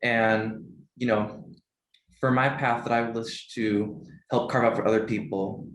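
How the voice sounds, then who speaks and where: A man, a participant at an online event, sharing a personal story. He sounds emotional and close to tears, and he speaks haltingly as he searches for words. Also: medium pitch, flat delivery. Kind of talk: personal testimony. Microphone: video call. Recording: echoey room with faint noise.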